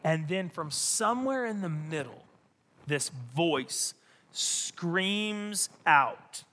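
A male pastor preaching a sermon in an animated, emphatic way, often repeating his phrases. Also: on the high side, extremely slow, big-room sound.

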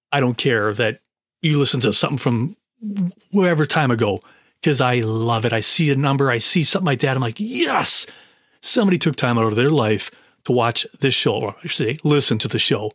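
An effusive man talks straight into the mic, hosting his solo podcast. His middle-pitched voice sounds close and dry, with no room around it. He rambles warmly and restarts his sentences as he goes. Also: no echo. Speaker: podcast host. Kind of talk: casual solo podcast monologue. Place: home basement.

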